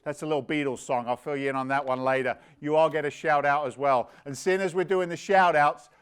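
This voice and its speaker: An energetic man emceeing a virtual charity gala, joking and rambling as he urges viewers to give. His voice sits fairly high for a man and comes across smooth and clear. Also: a little fast. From London. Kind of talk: fundraising hosting. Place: virtual event, live stream.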